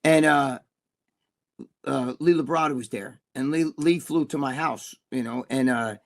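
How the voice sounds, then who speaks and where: A man's voice: medium pitch, a little slow, creaky. A man telling stories as an interview guest in a loose, profane, rambling way, full of restarts. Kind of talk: casual storytelling.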